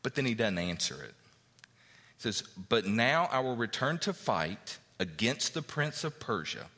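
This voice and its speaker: Animated preacher man in a reverberant hall. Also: medium pitch, measured pace. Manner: animated, acts out biblical characters' speech. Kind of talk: sermon teaching from scripture.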